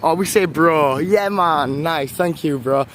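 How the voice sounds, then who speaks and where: Walking outdoors through a town, this young northern English live-streamer talks to his viewers on a handheld phone camera, rambling chattily and thanking them warmly. His voice sits a little high and he takes his time, with slight background noise.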